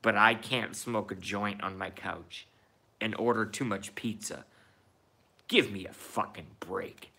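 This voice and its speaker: A man's voice: on the low side, slow pace, creaky, bright, forceful tone, slightly rough. A man in his thirties ranting in a profane, repetitive and indignant monologue. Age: 30s. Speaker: vlogger.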